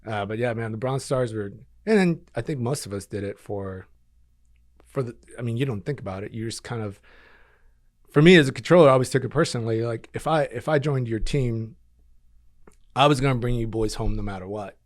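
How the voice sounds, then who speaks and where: A man's voice: medium pitch, a little fast, no echo, studio quality. A man in his thirties, a podcast guest and former combat controller, telling stories casually with lots of fillers and acted-out quotes. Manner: animated storyteller, acts out quotes, frequent fillers. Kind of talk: casual storytelling interview.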